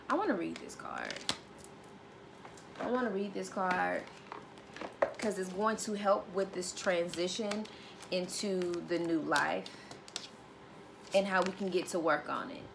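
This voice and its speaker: A woman's voice: lowish voice, slow pace, vocal fry, long pauses, background noise. A woman giving a casual tarot reading, emphatic and sassy, repeating key phrases and calling the listener honey. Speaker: tarot reader.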